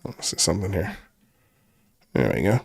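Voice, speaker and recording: A man's voice: sits low, very animated, brisk, creaky, slightly rough. A man hosting a reaction video, commenting casually on a clip with a lot of profanity and mockery. He laughs often.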